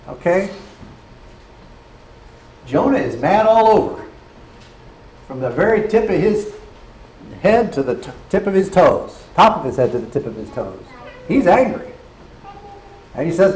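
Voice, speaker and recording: A man's voice: sits high, very animated, a little slow, long pauses, a little mellow. A man preaching a sermon earnestly, often checking in with his listeners, in a roomy church hall. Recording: roomy hall echo, faint noise.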